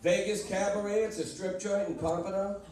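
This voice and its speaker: Brash, self-mocking stand-up comic in his fifties, high-pitched and animated, heard from afar in a booming room. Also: brisk. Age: 50s. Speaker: stand-up comedian. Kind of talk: stand-up comedy set. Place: comedy club with live audience. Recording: echoey room, mic from far off, audience noise.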